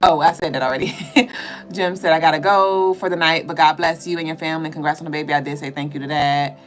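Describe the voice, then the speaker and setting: A woman runs a casual livestream tarot reading, reading viewer comments aloud and answering them loosely and chattily, with fillers and the odd swear word. Her voice sits low and steady, and she talks fast. The audio is poor, with music playing underneath.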